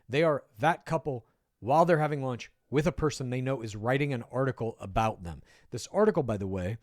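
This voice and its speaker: A man's voice: medium pitch, expressive, brisk, a little mellow, no echo, clean studio sound. Wry, digressive male commentator. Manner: casual, wry, digressive, swears. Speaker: pop culture commentator. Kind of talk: commentary reading an article aloud.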